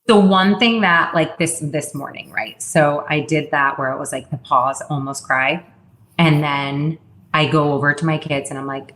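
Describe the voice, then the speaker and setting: Low-voiced woman chatting candidly. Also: normal speed, fairly bright tone. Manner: chatty, many "like" fillers and restarts. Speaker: podcast guest, wellness founder. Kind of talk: casual interview chat.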